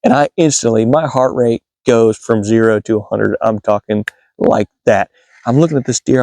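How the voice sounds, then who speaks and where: A man's voice: medium pitch, moderate pace, gravelly, dark tone, no echo, studio quality. Folksy man telling hunt story. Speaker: hunting video host. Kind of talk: storytelling hunting recap. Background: guitar music.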